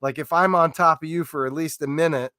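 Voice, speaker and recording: A man's voice: a little high, fairly even intonation, a little fast, bright, forceful tone, smooth, dry recording, studio quality. A man co-hosting a casual sports podcast, telling stories in a rambling way with lots of fillers and restarts. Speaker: podcast co-host.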